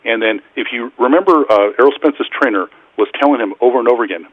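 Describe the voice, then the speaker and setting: A man calling into a podcast as a doctor, explaining in a measured, authoritative way. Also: mid-range voice, dry recording. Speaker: caller, physician. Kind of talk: call-in commentary. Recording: muffled phone-call audio.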